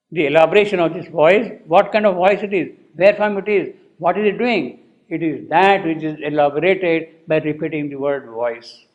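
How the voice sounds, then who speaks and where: A man's voice: a little high, moderate pace, darkish tone, lo-fi sound. A man teaching a poem, reciting its lines again and again and explaining them word by word. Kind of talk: slow lecture with poetry recitation.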